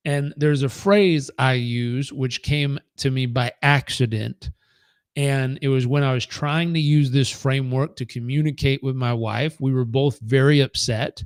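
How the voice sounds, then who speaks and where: A man's voice: mid-range voice, fairly even intonation, a little slow, smooth, no room sound, studio quality. A middle-aged man leading a live training session, talking earnestly, repeating his points for emphasis and telling stories from his own life. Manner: earnest, storytelling, acts out quoted dialogue; repetitive, emphatic lists. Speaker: performance coach.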